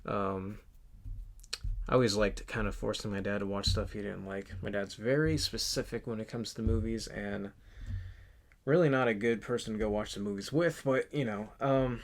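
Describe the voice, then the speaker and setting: A man's voice: on the low side, steady tone. Rambling young man in his twenties. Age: 20s. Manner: rambling, halting, lots of fillers and restarts. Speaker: channel host. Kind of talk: casual movie collection vlog.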